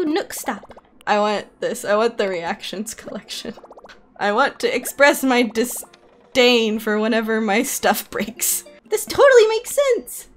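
A woman streaming a video game, chatting casually, giggly and excitable, squealing when something delights her. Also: a little high. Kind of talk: casual gameplay commentary.

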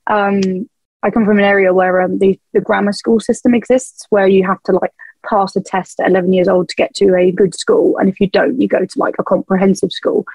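A woman's voice: medium pitch, darkish tone, husky, dry recording, low-quality recording. A young woman, a band's vocalist, chatting frankly as a podcast guest, laughing often and swearing casually. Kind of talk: casual chat.

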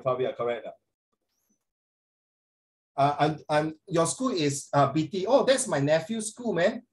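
Tutor with a Singaporean accent, middle-aged man, slightly high voice, lively and questioning. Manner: animated, code-switching, questions students by name. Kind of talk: online class lesson.

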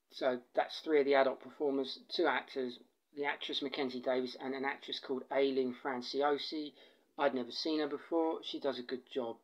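A man's voice: mid-range voice, lo-fi sound. An Englishman with an English accent giving a casual spoken film review, rambling and digressive, with many fillers and restarts. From England.

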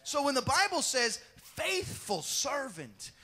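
An animated man preaching a sermon in a high voice. His voice is bright, with wide swings in pitch. He acts out the Bible scenes and jokes with his congregation. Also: takes it slowly. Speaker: pastor.

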